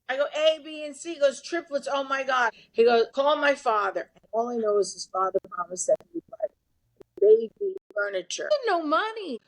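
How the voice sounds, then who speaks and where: Older New woman, blunt and brash, higher-pitched, spinning a long yarn. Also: a little mellow. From Brooklyn, New York. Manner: brash, blunt, swears freely. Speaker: guest. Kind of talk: storytelling.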